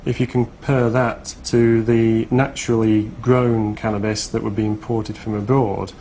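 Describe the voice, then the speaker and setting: A man's voice: fairly low pitch, flat delivery, unhurried, dark tone, slight background noise, rough recording. A man working as a forensic drug scientist, explaining samples in a plain, friendly way during a lab tour.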